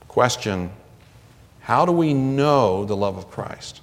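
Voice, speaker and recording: A man's voice: medium pitch, expressive, takes it slowly. A man preaching a sermon as a pastor, emphatic, lifting his voice for scripture readings. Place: church sanctuary. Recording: long reverb of a large hall.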